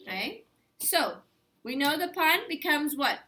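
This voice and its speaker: A woman's voice: high voice, very animated, unhurried, pushed and bright. A woman teaching a Spanish grammar lesson in a classroom, quizzing her students and repeating their answers back. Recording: echoey classroom with faint noise.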